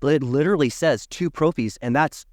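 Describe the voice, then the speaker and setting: A man who works as a dental hygienist, a podcast guest telling an animated story and acting out the people in it. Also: a little high, normal speed, no room sound, clean studio sound. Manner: emphatic, acts out the people in his stories.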